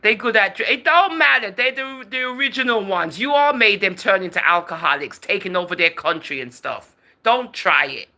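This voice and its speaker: Bright, lively woman on a livestream. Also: mid-range voice, moderate pace, hardly any pauses. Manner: chatty and teasing, often laughing, calls viewers darling and girl. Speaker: livestream host. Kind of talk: casual livestream chat, reading out viewer comments.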